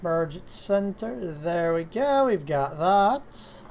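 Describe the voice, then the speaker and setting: Lady streaming her 3d work, talks slow, mutters steps to herself, bit of background hiss. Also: lowish voice, expressive, darkish tone. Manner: slow, self-talking, talks fondly and exasperatedly to her cat. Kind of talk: casual live-stream chat while 3D modeling.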